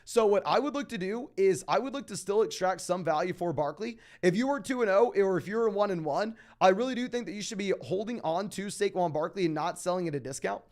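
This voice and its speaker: High-voiced young man giving fast advice. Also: expressive, darkish tone. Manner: fast, emphatic, calls listeners "my man". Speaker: fantasy football podcast host. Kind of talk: casual Q&A advice, reading viewer questions.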